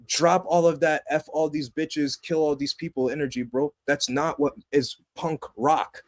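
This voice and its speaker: A young man on a casual podcast with a somewhat high-pitched voice. He talks with animated passion, bursting loud when excited and dropping low and earnest when he makes a point. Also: moderate pace, few pauses. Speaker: podcast co-host. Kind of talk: casual movie review chat.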